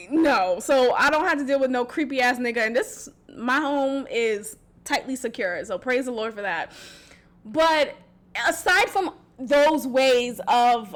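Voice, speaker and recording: A woman with a slightly high voice hosts a casual solo podcast. She speaks frankly and lively, laughs often and uses plenty of slang, then drops quiet and low when she voices a text message. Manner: candid and animated, with slang and frequent laughs. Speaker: podcast host.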